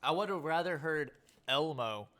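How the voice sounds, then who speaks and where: A man's voice: on the high side, animated, moderate pace, sharp tone. A man co-hosting a casual movie review podcast, blunt and insistent about his point. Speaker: podcast co-host.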